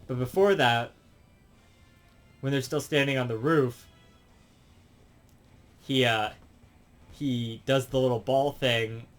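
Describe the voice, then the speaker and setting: A man giving a rambling, casual review, halting through many fillers and restarts. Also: mid-range voice, faint music behind.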